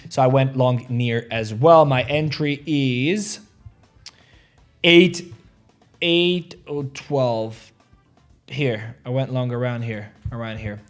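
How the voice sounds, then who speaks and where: Higher-pitched man with a rambling, swearing delivery. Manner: rambling, swears freely, jokey and pushy about likes. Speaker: crypto trading livestream host. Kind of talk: casual livestream chat, reading viewer comments.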